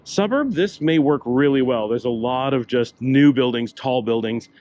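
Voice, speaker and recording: A man's voice: mid-range voice, expressive, normal speed, a little mellow, highs cut off. An older man narrating a walking tour outdoors in a chatty, rambling way, breathing a little hard with a slight cough. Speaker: travel vlogger. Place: city streets outdoors, walking.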